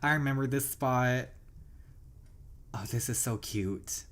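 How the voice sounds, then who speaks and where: A chatty host reacts as they play through a romance story game. The talk is gushing and excitable, full of delighted reactions to the story. The pitch sits in the middle. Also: takes it slowly. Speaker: gaming channel host. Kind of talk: story game playthrough commentary.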